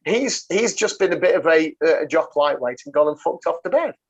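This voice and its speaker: A man's voice: on the high side, animated, moderate pace, breathy edge. A man hosting a casual rugby podcast, swearing freely and bantering with many fillers. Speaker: podcast host. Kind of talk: casual chat. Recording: dull lo-fi sound.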